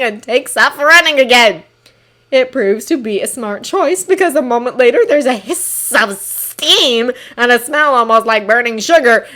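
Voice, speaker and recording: A woman narrating a fan-written story as an expressive audiobook reading. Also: mid-range voice. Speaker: fanfiction reader.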